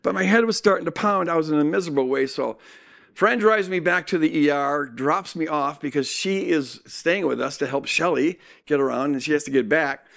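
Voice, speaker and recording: A man telling a personal story in a sermon, animated and acting out what people said. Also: fairly high pitch, a little fast, gravelly. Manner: animated storytelling with acted-out quotes. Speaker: speaker.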